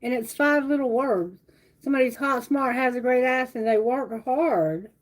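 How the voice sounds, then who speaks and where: High-voiced blunt tarot reader woman. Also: moderate pace. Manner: blunt, swears freely, animated. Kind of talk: live-stream tarot reading.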